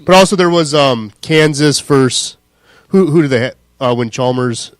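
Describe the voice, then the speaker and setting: A man's voice: medium pitch, moderate pace, clear, resonant tone, no room sound. A man co-hosting a sports radio show in a studio, jumping in with counterpoints. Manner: jumps in to make counterpoints. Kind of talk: casual sports debate.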